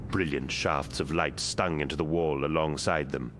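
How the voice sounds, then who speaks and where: A man narrating an action audiobook in a measured, dramatic reading. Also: very deep voice, fairly even intonation, fairly bright tone, slight background noise. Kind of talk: scripted narration.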